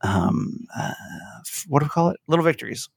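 A man's voice: fairly high pitch, animated, brisk, creaky, husky, no room sound, studio quality. A man hosting a podcast, telling a rambling, emotional story in casual chat. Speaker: podcast host.

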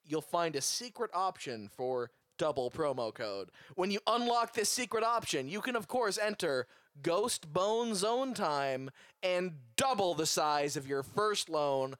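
A man co-hosting a comedy podcast, reading out silly mock-announcer ad pitches. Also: expressive, measured pace, a bit bright, no echo, clean studio sound. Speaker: podcast co-host.

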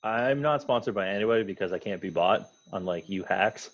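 A man in his thirties from Canada speaks as a guest on a podcast, teasing the hosts with dry humor. His voice sits a little low. The audio is dull and muffled, as if sent over a lo-fi remote connection. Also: brisk. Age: 30s. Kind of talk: casual chat.

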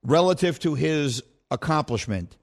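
A man hosting a sports talk show, arguing his points with emphatic, animated talk and frequent restarts. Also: on the high side, moderate pace. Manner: animated, emphatic, self-correcting.

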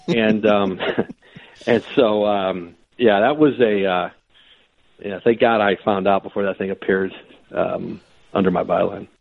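Husky man on a tinny phone line. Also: on the low side, slow, pauses often, no room sound. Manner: animated anecdotes with quoted voices and frequent restarts. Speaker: sports reporter guest. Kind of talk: conversational storytelling.

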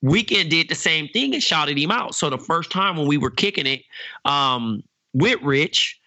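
A man chatting on a podcast in a laid-back, slangy way. His voice is bright and a bit high. The sound is dry and close. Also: animated, a little slow, dry recording, dull audio. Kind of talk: casual podcast chat.

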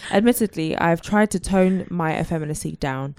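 A woman's voice: fairly low pitch, normal speed, darkish tone, no room sound, studio quality. A woman co-hosting a podcast, casually chatting and reading listener letters aloud. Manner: reads letters aloud, breaking into laughter. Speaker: podcast co-host.

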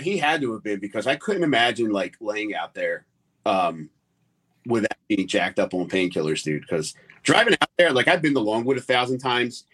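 A man's voice: mid-range voice, a bit bright, husky. A man, a comedian guest rambling through a story in casual chat with lots of fillers.

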